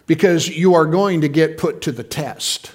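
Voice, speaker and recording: Middle-aged male pastor, a touch high-pitched, casual down-home sermon delivery with asides to the congregation. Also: moderate pace. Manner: folksy, conversational preaching with asides to the congregation.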